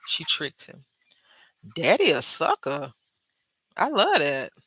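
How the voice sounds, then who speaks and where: A bright, forceful-sounding woman talks casually to her viewers while she crafts. She drifts from the project into stories and addresses the audience directly. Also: deep voice, wildly swooping pitch, slow pace, slightly rough, dry recording, rough recording. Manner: chatty storyteller, drifts between crafting and anecdotes. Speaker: craft vlogger.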